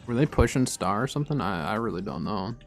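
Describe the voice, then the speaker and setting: A young man streaming a game, calmly explaining tactics and getting excited in fights. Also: fairly low pitch, fast, soft background music. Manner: relaxed, explains tactics while playing, bursts of excitement in fights. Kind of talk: casual gameplay commentary.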